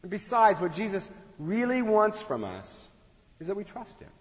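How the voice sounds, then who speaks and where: A man's voice: sits high, big pitch swings, moderate pace. A man preaching a sermon in a conversational way, acting out the voices he quotes. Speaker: pastor. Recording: dull sound in a long-echo hall.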